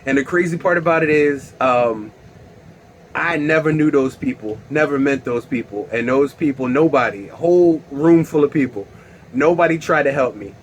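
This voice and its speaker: A young man telling a wild story on his vlog in a casual, animated way, swearing and bursting into loud exclaims. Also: mid-range voice, normal speed, a little hiss or hum. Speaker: vlogger.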